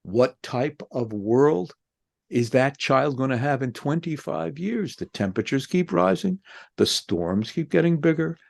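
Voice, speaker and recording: A male philosophy professor and author with a gravelly, medium-pitched voice gives an interview answer that becomes a reflective monologue. He fires off rhetorical questions with real passion.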